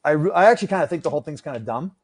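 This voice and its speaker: A man's voice: a little high, lively intonation, rapid-fire, breathy edge. A man chatting casually on a podcast about the gear he makes, rambling and self-deprecating, swearing freely. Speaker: podcast guest, gear maker. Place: room with adjustable lights.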